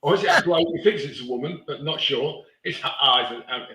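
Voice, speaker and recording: A man's voice: fairly high pitch, lively intonation, a little fast, sharp tone, a little hiss or hum. Blunt rambling man, echoey room. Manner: rambling, blunt, swears freely. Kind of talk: casual live-stream chat.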